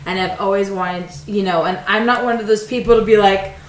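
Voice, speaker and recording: A woman's voice: medium pitch, fairly even intonation, brisk, roomy sound, a little hiss or hum, poor audio. A woman hosting a casual podcast chat, gushing like an eager fan. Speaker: podcast host.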